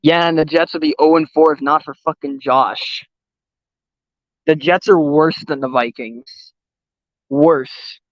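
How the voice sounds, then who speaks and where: A man's voice: a little high, steady tone, a little slow, long pauses, no room sound. A young man talking outdoors about sports, blunt and profane, with strong opinions. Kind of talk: casual chat. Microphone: voice call or stream mic. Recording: dull, slightly lo-fi dry sound.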